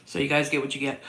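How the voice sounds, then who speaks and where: A woman's voice: low-pitched, very noisy. A woman hosting a casual livestream chat from home, rambling and self-mocking, with a cough that keeps breaking into her voice. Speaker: host answering viewer questions. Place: downstairs at home.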